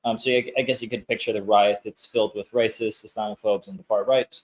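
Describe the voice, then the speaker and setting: A man presenting a news story on a casual podcast, measured and hesitant with many ums. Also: fairly low pitch, fairly even intonation, rough recording.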